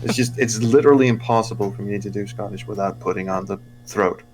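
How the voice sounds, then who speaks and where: A man's voice: lowish voice, fast, darkish tone, slight background noise. A man joking casually on a live game stream, often restarting his words.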